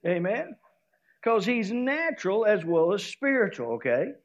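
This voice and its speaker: Man, Southern preacher, high and lively voice, storytelling sermon, dull lo-fi recording. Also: a little slow. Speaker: pastor.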